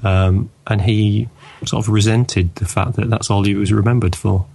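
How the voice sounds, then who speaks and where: Low, gravelly man chatting casually. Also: steady tone, normal speed, darkish tone. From England. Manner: hesitant, lots of ums and you-knows. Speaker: podcast co-host. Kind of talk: casual chat.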